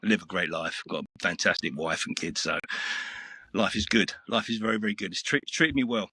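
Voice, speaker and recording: Voice-over actor, sixties, male, deep, rambling anecdotes, dry small-booth sound. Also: a little fast, husky, dry recording. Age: 60s. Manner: relaxed, rambling storyteller with many fillers. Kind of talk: casual interview chat. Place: small home recording booth. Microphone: headset.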